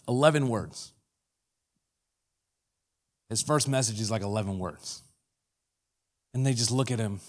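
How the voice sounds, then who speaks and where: A man preaching a sermon, retelling scripture as lively storytelling and acting out the people in it. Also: mid-range voice, a little slow, long pauses. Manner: animated storytelling, acts out quoted voices. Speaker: pastor.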